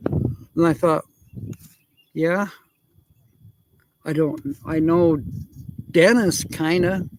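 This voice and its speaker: A man's voice: a little high, fairly even intonation, very slow, long pauses, slight background noise. A man hosting a casual RV-life livestream, rambling and chuckling as he answers viewer comments. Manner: rambling, chuckling often, thinking aloud. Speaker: RV livestream host.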